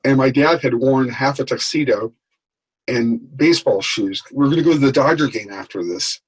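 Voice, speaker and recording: A man telling lively anecdotes as a guest in an interview, acting out the people in his stories. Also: mid-range voice, normal speed, slightly rough, poor audio. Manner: animated anecdote telling, acts out quoted voices. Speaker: guest, author. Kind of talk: storytelling in a podcast interview.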